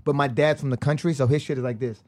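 A man from the United States, a guest in a casual interview, telling lively stories and acting out the voices of the people in them. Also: medium pitch, fast talker, dry recording. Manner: animated storyteller who acts out voices.

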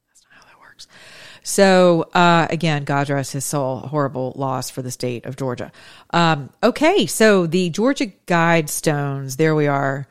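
Low-pitched lady doing sarcastic news commentary, chatty, laughs a lot. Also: gravelly. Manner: chatty, sarcastic, laughs at her own jokes. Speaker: commentary show host. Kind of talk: casual political commentary while scrolling news.

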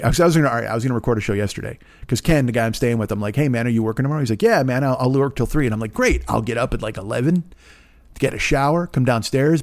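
A podcast host in his fifties rambles through a casual, profane monologue full of sarcastic asides. His voice is smooth and medium in pitch.

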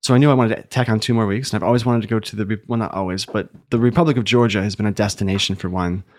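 A man's voice: on the low side, very fast. Chatty male sommelier telling a story. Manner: animated storyteller, puts on silly accents. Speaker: sommelier and podcast host. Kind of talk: casual chat.

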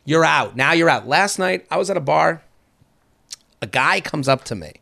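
A man hosting a podcast in casual chat, an animated storyteller who swears and acts out quotes. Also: a little high, normal speed, gravelly. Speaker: podcast host.

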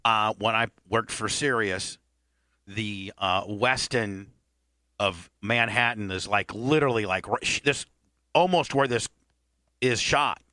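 A man's voice: fairly low pitch, unhurried, pushed and bright, no echo. A man hosting a podcast, chatting casually and rambling with frequent restarts. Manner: rambling, restarts sentences often. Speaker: podcast host. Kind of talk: casual chat.

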